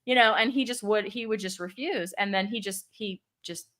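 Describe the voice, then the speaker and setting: A middle-aged woman, a mother, chatting casually and telling stories with lively acted-out quotes. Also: mid-range voice, normal speed. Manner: animated storyteller, acts out quotes. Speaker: guest. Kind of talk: casual chat.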